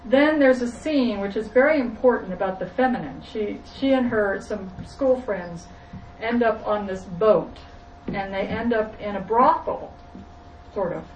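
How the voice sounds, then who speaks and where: A woman's voice: medium pitch, a little slow, a little mellow, roomy sound, far from the mic, a little hiss or hum, poor audio. A woman retelling a film to a group in a rambling, self-correcting way. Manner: rambling, restarting.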